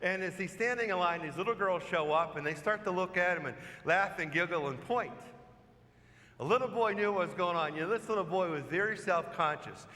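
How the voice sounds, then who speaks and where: Priest giving a homily, man with a high, bright voice, chatty storyteller, long echo of a church. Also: a little fast. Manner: storytelling, conversational preaching with rhetorical questions. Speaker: parish priest. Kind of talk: sermon.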